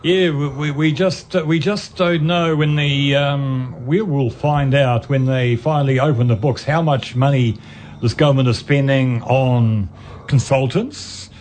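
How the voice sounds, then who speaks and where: Older guy hosting talk radio, opinionated, quick chatty asides, faint hiss behind. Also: medium pitch, fairly even intonation, darkish tone. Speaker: radio host. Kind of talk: casual talk radio chat.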